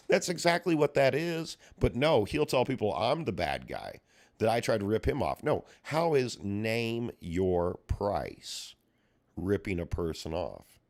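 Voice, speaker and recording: A man's voice: on the low side, very animated, unhurried. A man streaming live, talking in a profane, heated rant with rising exasperation and mimicking other people in quotes. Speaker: livestreamer and puzzle collector. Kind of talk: ranting livestream talk.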